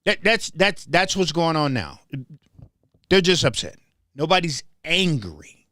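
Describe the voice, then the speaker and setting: A man hosts his own show in a loose commentary monologue, circling back over his phrases for emphasis. His voice sits a little high and swings widely in pitch. He talks at an unhurried pace in a dry, close-sounding recording. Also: big pitch swings, pushed and bright, dry recording. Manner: repetitive, restarts phrases, emphatic. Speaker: show host.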